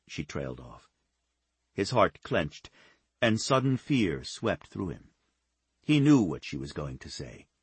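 A man narrating a romance novel in a steady, measured reading on a close studio mic. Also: deep voice, slightly rough, dry recording. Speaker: audiobook narrator.

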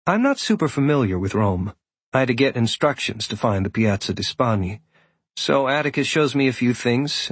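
A man giving steady first-person audiobook narration. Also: medium pitch, breathy edge, no room sound.

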